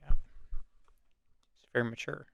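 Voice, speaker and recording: A man's voice: measured pace, a bit bright. A man co-hosting a podcast in casual chat, blunt and offhand as he recaps movies. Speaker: podcast co-host.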